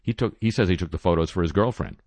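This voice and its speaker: A man hosting a satirical news roundup, reading stories in a deadpan way and dropping wry asides. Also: sits low, quick pace, no room sound. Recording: music bed under voice.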